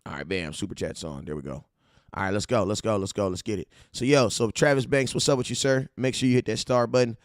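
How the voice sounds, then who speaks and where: A man from California hosting a casual fan-show livestream, hyped and slangy as he shouts out his viewers. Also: lowish voice, quick pace, no echo, clean studio sound. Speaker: livestream host.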